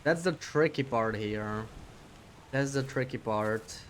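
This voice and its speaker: A man's voice: mid-range voice, slow pace, a little hiss or hum. Man thinking aloud over a game. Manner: thinks aloud while playing. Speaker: streamer. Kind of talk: casual gameplay commentary.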